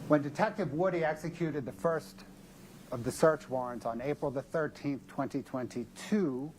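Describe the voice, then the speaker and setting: A man giving a courtroom closing argument as prosecutor, speaking in a measured, methodical and emphatic way. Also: a little high, a little mellow, slight background noise.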